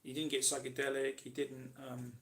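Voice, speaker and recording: A man's voice: mid-range voice, monotone, normal speed. Chatty British man rambling through a live Q&A. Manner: rambling, chatty, with many ums and restarts. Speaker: host answering live chat questions. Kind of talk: casual live Q&A chat.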